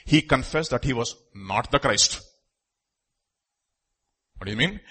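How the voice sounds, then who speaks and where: Man, sermon, lively swooping delivery, raspy edge, repeats himself. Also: medium pitch, very slow, long pauses. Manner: animated, rhetorical questions, repeats phrases. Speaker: preacher.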